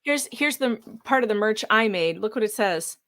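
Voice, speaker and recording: A woman's voice: medium pitch, animated, normal speed, a bit bright. Sarcastic, laughing woman guest. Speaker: guest writer. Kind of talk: casual interview chat.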